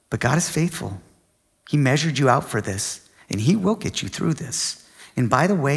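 Animated preacher man in a reverberant hall. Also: a little high. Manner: animated storytelling, acting out shouted quotes. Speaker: pastor. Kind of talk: sermon with personal story. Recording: long reverb of a large hall.

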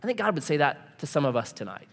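A man's voice: fairly high pitch, big pitch swings, quick pace, vocal fry, a bit bright. A man preaching a sermon, telling a personal story and acting out the dialogue with laughs. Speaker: pastor. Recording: long hall reverb.

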